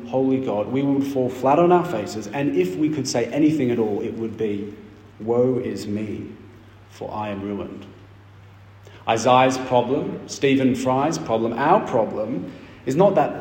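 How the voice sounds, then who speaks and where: A man preaches in a church hall, and his voice rings with a long, roomy reverb. He reads scripture and explains it emphatically, holding dramatic pauses. His pitch sits at a middling level. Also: a little mellow. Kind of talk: sermon.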